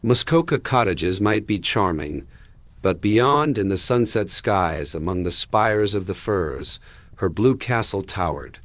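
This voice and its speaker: A man with a lower voice reads a bedtime audiobook, gentle and expressive, his intonation moving freely. The recording is close and dry, with no room sound. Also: a little slow, no echo. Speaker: audiobook narrator.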